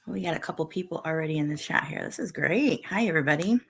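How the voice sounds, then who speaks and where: A woman's voice: deep voice, lively intonation, fast talker, vocal fry, slight background noise. Chatty woman hosting a live stream. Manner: chatty, greets viewers by name, laughs often. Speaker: livestream host. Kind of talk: casual live chat.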